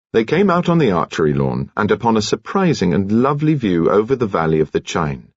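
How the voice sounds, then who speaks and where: A man narrating an audiobook in a measured, expressive storytelling manner. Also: fairly low pitch, no room sound. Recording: dry, dull audiobook studio recording.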